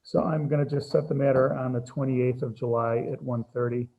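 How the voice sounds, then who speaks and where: A man serving as judge, running a court hearing over a video call in an unhurried, procedural way. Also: mid-range voice, fairly even intonation, creaky, warm tone. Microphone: computer mic on a video call. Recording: dull lo-fi video call audio.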